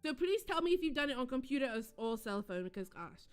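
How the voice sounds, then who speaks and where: A young woman hosting a live stream, chatting casually with her viewers and breaking into excited shrieks and giggles. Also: high-pitched, fast talker, clear, resonant tone. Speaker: livestream host.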